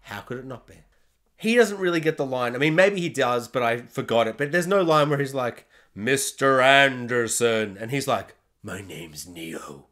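An Australian man reviews a film casually and sarcastically, sounding exasperated and acting out scenes in silly voices. His medium-pitched voice is expressive and brisk.

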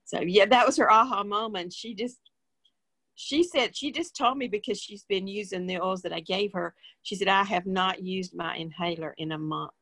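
A woman's voice: medium pitch, moderate pace, a bit bright, no echo. A woman guest in a casual interview, telling a story in a plain, rambling way with many fillers.

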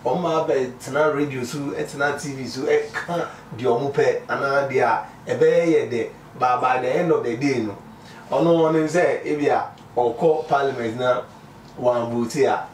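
Halting Ghanaian man, distant echoey mic. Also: mid-range voice, slight background noise. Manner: halting, mixing pidgin and Twi. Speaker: interviewee. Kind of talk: casual street interview.

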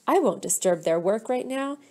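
A woman voicing a kindly older male teacher in a storybook read-aloud, musing gently to himself. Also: on the high side, animated, normal speed.

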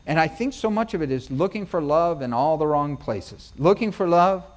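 A man's voice: fairly high pitch, lively intonation, moderate pace. A middle-aged male pastor preaching a sermon in a folksy, conversational way, building to emphatic peaks.

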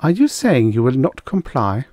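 A man's voice: mid-range voice, wildly swooping pitch, normal speed, darkish tone, no echo, clean studio sound, voice pushed up. A man voicing a prim, severe middle-aged female schoolteacher who speaks icily and precisely. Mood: icy, prim.

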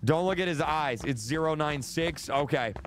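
A man's voice: a little high, normal speed, a little hiss or hum. A young man streaming a horror game, jittery and repeating himself, losing his voice. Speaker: gaming streamer. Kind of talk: live horror game commentary.

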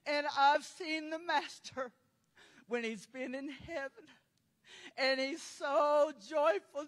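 A woman preaching a fervent testimony, crying and shouting her words, breaking into laughter between phrases. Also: high-pitched, slow. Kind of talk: emotional sermon testimony. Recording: long hall reverb.

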